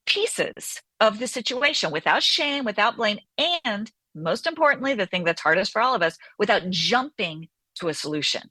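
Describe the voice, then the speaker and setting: A woman therapist talking as an interview guest, animated and acting out inner voices as she explains. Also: mid-range voice, husky, no echo. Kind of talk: conversational interview.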